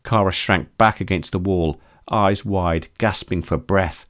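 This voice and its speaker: A man reading his own story aloud as narrator, in a steady, measured delivery. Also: sits low. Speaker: author and narrator. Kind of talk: scripted audiobook narration.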